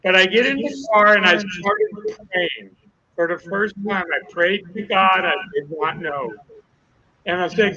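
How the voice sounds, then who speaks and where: An older man recounts a life-changing moment, earnest and emotional, playing every part in the dialogue himself. His voice is bright and sits fairly high. The audio comes over a dull, lo-fi video call. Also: sing-song, unhurried. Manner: earnest storyteller acting out dialogue. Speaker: guest. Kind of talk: emotional personal testimony.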